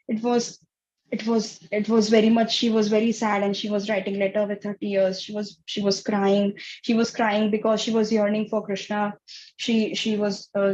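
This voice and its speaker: A woman telling a story to an online kids class, halting and full of fillers. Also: mid-range voice, darkish tone, dull audio, slight background noise. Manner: halting, many fillers and restarts. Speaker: teacher.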